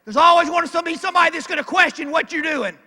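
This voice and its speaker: An older man with an Arkansas Southern accent delivers a motivational banquet speech in a folksy, emphatic way, hammering his points home. His voice sits very high and sounds sharp and forceful. He speaks into a PA microphone, and his voice rings through a large banquet hall with a long reverb tail. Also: quick pace. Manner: emphatic, calling out lines loudly, folksy. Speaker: keynote speaker.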